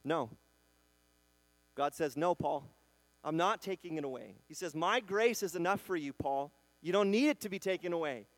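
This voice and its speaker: A man preaching a sermon in a conversational style, acting out quotes and swinging between loud bursts and quiet emphasis. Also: a little high, expressive, normal speed, no echo. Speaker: pastor.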